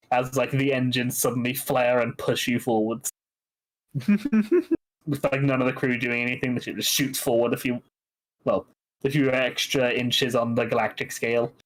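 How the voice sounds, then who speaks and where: A man's voice: mid-range voice, unhurried, long pauses, rough recording. A man narrating as game master of a tabletop game, laughing often as he describes what happens.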